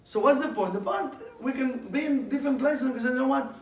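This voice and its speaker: A man's voice: extremely high pitch, quick pace. A man teaching a Kabbalah class in eager, broken English, asking his listeners one question after another. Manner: eager, asks many questions; broken, non-standard English grammar. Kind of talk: class lecture. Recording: echoey room, mic far off.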